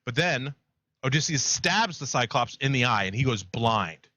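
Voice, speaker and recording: Bright-voiced man retelling myths casually. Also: mid-range voice, moderate pace, dry recording. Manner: rambling, animated retelling with laughs. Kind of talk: casual chat, storytelling.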